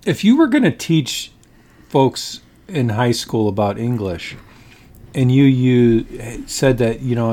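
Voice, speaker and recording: A man's voice: medium pitch, darkish tone. A man co-hosting a podcast in casual chat, laughing often and restarting his sentences. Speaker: podcast co-host.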